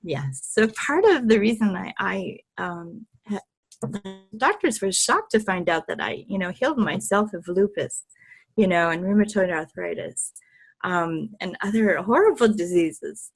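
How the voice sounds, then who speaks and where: A woman guest on an interview show, telling stories in a lively, laughing way and swearing freely. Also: medium pitch, unhurried, gravelly, husky. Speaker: podcast guest, healer. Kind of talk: casual interview storytelling.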